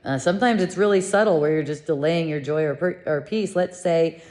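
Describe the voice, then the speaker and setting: A woman giving a gentle, meditative spiritual lesson, speaking in a soothing, unhurried way. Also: low-pitched. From living in Mexico. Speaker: spiritual teacher.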